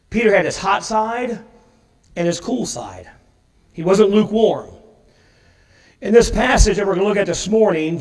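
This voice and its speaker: A male pastor delivering a sermon with a fairly high voice, animated and storytelling, acting out the lines he quotes. He often repeats words as he finds his way. Recorded in an echoey church space.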